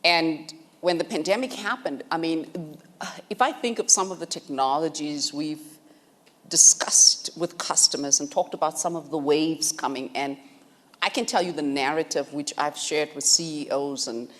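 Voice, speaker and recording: Low-voiced composed businesswoman. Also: normal speed. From South Africa. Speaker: guest executive. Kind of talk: conversational interview.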